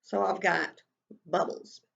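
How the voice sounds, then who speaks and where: A kindergarten teacher modelling a writing lesson for young children, talking slowly in a sing-song way and stretching out sounds while she writes and draws. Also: lowish voice, fairly even intonation, vocal fry, fairly bright tone, muffled recording.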